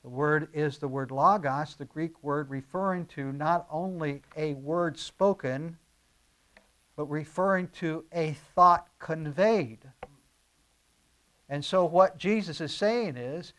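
A man's voice: sits high, unhurried. A man preaching a verse-by-verse sermon, earnest and teaching, pushing key phrases with emphatic rises and using frequent fillers. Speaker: pastor.

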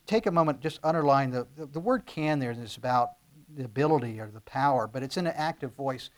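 A middle-aged man preaches in a loose, conversational sermon style. His voice sits fairly high for a man, and it rises into emphatic bursts. He often restarts his sentences mid-thought. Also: fast talker. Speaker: pastor.

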